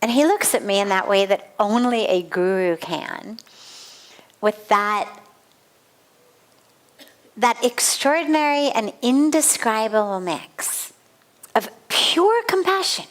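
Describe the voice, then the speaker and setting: A woman's voice: a little high, expressive, slow, long pauses. Earnest middle-aged woman telling a story. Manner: earnest, vivid storytelling with emphatic repetition. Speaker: spiritual teacher. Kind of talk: satsang talk with a personal story.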